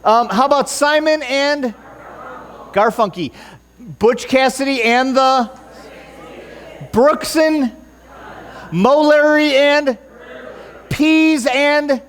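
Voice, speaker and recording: A man's voice: very high-pitched, slow, long pauses, a bit bright, a little hiss or hum. A man preaching a sermon in church, joking and bantering with the congregation and stumbling over his notes. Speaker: pastor.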